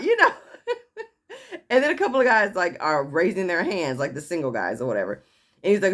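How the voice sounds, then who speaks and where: A woman's voice: low-pitched, a little fast. A woman vlogger casually telling a personal story, acting out what others said and laughing as she goes. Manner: animated, laughing, acting out quotes.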